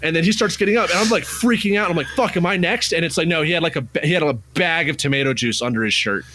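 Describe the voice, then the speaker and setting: A man co-hosting a podcast, telling a travel story in casual chat, swearing freely, his voice jumping high when he gets excited. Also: rapid-fire, slight background noise. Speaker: podcast co-host.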